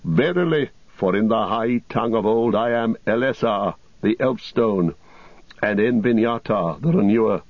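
A grave, weary king speaks solemnly and with care, in the voice of a man reading the story. The tone is low and husky, heard on a dull, lo-fi recording. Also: no room sound. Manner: solemn, measured.

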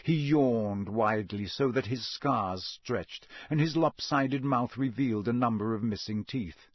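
Husky male audiobook narrator. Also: medium pitch, a little slow, no echo. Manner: steady storytelling. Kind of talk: scripted narration.

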